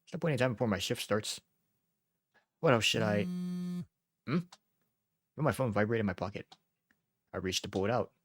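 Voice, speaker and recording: A man's voice: lowish voice, fast, no room sound, studio quality. A young man reading a visual novel aloud as a let's-player, laughing often between plain narration.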